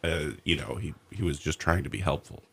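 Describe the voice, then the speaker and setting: Deep-voiced man asking questions, hesitant. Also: fairly even intonation, brisk, breathy edge. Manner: hesitant, many restarts while asking questions. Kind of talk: casual chat.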